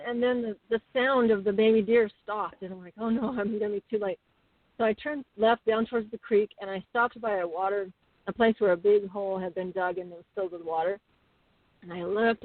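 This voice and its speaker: A middle-aged woman tells her stories with a lively, chatty flow, full of fillers and restarts. Her voice comes through thin and phone-like, with no room sound at all. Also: mid-range voice, dry recording. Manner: chatty, animated storyteller with many fillers. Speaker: guest. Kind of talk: casual interview storytelling. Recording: tinny phone-like call audio.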